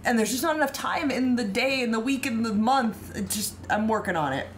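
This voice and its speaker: A woman's voice: fairly high pitch, animated, brisk, a little hiss or hum. A woman from the United States co-hosting a baking livestream, chatting casually, laughing often and reading the live chat aloud.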